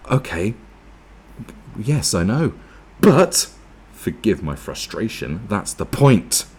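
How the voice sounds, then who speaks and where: A man's voice: lowish voice, big pitch swings, slow pace, darkish tone, breathy edge. A man giving a casual, sweary, sarcastic commentary, reacting to an article with mocking asides. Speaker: political commentary vlogger.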